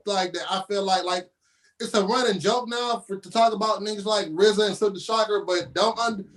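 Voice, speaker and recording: Guy with a high voice on a podcast, talks casual and slangy, keeps repeating himself to push a point. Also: brisk, a bit bright. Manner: emphatic, repeats phrases, slangy and profane. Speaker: podcast guest. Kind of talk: casual chat.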